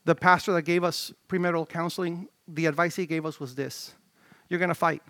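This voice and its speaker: Animated high-voiced male preacher. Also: fairly quick, no room sound. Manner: animated, shifts between shouting and low murmurs; conversational, stammering restarts. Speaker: pastor. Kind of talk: sermon.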